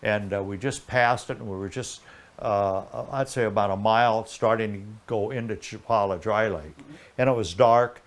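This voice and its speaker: An older man, a guest in an interview, telling a long anecdote in a lively, rambling way with many restarts. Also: on the low side, normal speed. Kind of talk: casual anecdotal storytelling.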